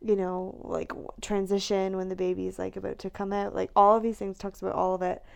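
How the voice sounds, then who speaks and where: A pregnant woman in her thirties with a gravelly, creaky edge to her mid-pitched voice. She chats casually and tells a story with lots of energy. She acts out what people said and laughs through it. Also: brisk. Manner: animated storytelling, acts out quotes, laughs often. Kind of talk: casual chat.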